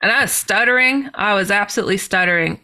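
Woman guest on a podcast, bright clear voice, excitable storyteller, lots of laughing. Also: medium pitch, fast talker. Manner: animated, laughing, exclaiming. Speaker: guest author. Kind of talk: personal storytelling.

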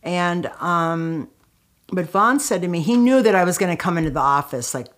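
A woman's voice: on the low side, normal speed. Candid middle-aged woman telling her story. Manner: emotional and candid, with frequent fillers and restarts. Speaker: guest, author and anti-violence activist. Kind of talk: conversational storytelling.

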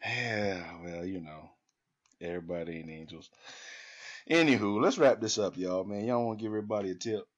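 A man co-hosting a casual chat, cracking crude jokes and laughing loudly. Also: lowish voice, fairly quick. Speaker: podcast co-host. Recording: dull lo-fi sound.

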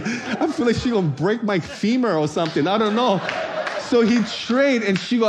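A man's voice: high-pitched, a little fast. A man preaching a sermon, telling a comic story and acting out voices. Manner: animated storyteller, acts out voices, shouts for comic effect. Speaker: pastor.

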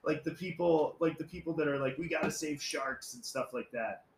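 A young man with a slightly high voice co-hosts a podcast at normal speed, telling rambling stories in crude, casual chat full of swearing and laughter. The room is echoey, with faint background noise.

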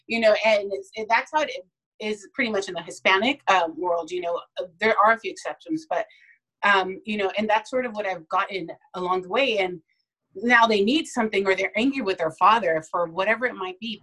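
Casting: woman, parenting guest, conversational, lively storyteller, medium pitch. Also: brisk, poor audio. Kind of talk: casual podcast chat.

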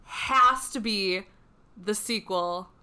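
A woman co-hosting a casual music review chat, talking excitedly with lots of "like" fillers. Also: medium pitch, takes it slowly, smooth. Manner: excited, gushing, many "like" fillers. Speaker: co-host reviewing songs.

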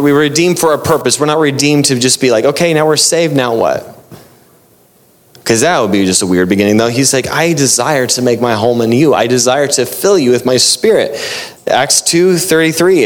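Man preaching in a loose, lively way. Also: medium pitch. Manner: conversational preaching with animated quoted voices. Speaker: pastor. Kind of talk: sermon.

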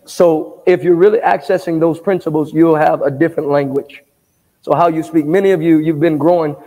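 A man with a notably high voice preaches a sermon in a church sanctuary, tossing questions out for the congregation to answer. He pushes up into shouted emphasis at times, and his words ring out with the long reverb of a large hall. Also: fairly even intonation, brisk. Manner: call-and-response preaching, asking the congregation to answer back. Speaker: pastor.

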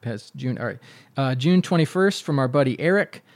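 A man's voice: medium pitch, animated, normal speed, dry recording, clean studio sound. A man co-hosting a comedic podcast, reading listener emails aloud in a plain, easygoing way and chatting casually.

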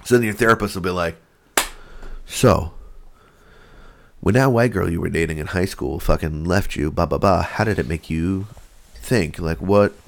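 A man co-hosting a podcast in casual chat, an animated storyteller who swears a lot and acts out what people said. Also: low voice, normal speed, vocal fry, long pauses, slight background noise. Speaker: podcast co-host.

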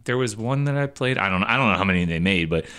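A man with a low voice that still moves around lively in pitch, chatting casually. He talks hesitantly, as if searching for half-remembered details. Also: quick pace, clear, resonant tone. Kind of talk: casual chat.

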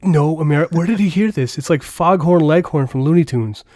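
A man's voice: a little high, a little fast, few pauses, no echo, clean studio sound. American man hosting a laid-back podcast. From United States. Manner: animated, laughs often, stammers at starts. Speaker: podcast host. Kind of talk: casual chat.

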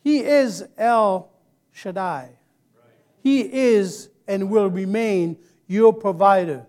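High-voiced, unhurried male preacher. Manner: rousing call-and-response, building to loud exclamations. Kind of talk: sermon. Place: church service.

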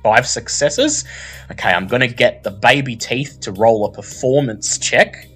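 A man narrating a horror tabletop game as game master, in unhurried, descriptive tones. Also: mid-range voice, fairly bright tone, husky, soft background music.

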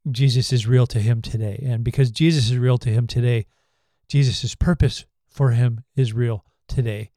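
A man's voice: mid-range voice, steady tone, moderate pace, warm tone, no echo, studio quality. A man co-hosting a faith podcast, talking earnestly and acting out little quotes with laughs. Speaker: podcast co-host.

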